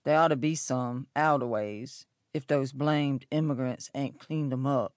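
A woman doing a gruff, sarcastic camp cook. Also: low voice, normal speed, no room sound, clean studio sound, close to an everyday voice. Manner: gruff, grumbling.

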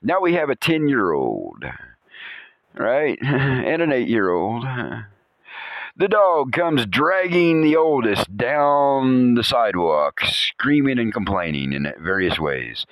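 A man's voice: mid-range voice, big pitch swings, a little slow, fairly bright tone, no echo. A man hosting a podcast, telling rambling animal anecdotes in a casual way and chuckling often. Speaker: podcast host.

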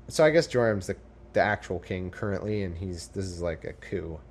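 A man's voice: lowish voice, expressive, a little fast. A man reading the Bible aloud in a formal tone and breaking off into casual, sarcastic commentary. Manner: sarcastic asides, wry, casual. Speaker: podcast host reading scripture.

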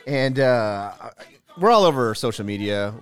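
A man co-hosting a casual talk radio show, trading jokes and putting on whiny voices for the people he mocks. His pitch swings a lot as he talks. A faint music bed plays under him. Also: unhurried, clean tone. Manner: joking, animated, mimics complainers in a high voice. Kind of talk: casual banter with co-host.

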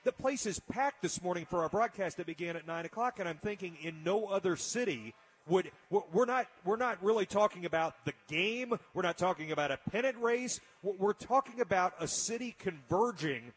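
Radio host, man, slightly husky, heartfelt storyteller. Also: high-pitched, animated, fairly quick. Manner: storytelling, emotional, frequent restarts. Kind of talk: casual radio chat.

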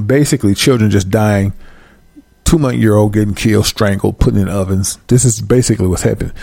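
A low, gravelly man preaches in an easygoing way, stretching each verse out slowly before dropping into quick asides. His voice is husky and rough-edged. He keeps asking his listeners whether they follow. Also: darkish tone, no echo, studio quality. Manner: drawn-out verse reading mixed with quick asides. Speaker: scripture teacher on a livestream. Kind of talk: casual preaching while reading scripture aloud.

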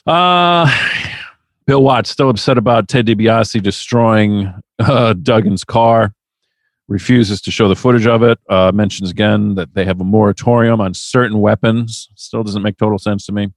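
A man's voice: lowish voice, normal speed, dry recording, studio quality. A man co-hosting a podcast, riffing with sarcasm and plenty of swearing. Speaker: podcast co-host. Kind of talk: casual chat.

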